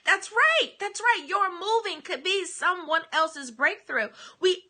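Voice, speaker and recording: A woman's voice: very high voice, lively intonation, slow pace, bright, forceful tone. A middle-aged woman giving an emphatic motivational talk in a preacher's style, repeating her key lines. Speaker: motivational speaker and minister. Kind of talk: live-streamed motivational talk.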